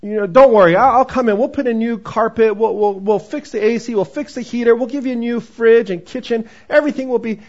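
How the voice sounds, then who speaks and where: Man putting on an eager generous landlord, upbeat, pitched higher, muffled recording. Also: brisk, hardly any pauses. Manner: upbeat, excited reassurance.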